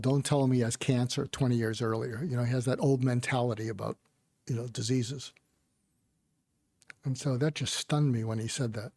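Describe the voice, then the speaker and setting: An older man speaks with a mellow, dark voice and tells a personal story gently and reflectively. He is a psychiatrist talking as a guest. The sound is close and dry. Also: medium pitch, no echo. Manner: gentle, reflective storytelling with soft quoted asides. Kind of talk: storytelling in conversation.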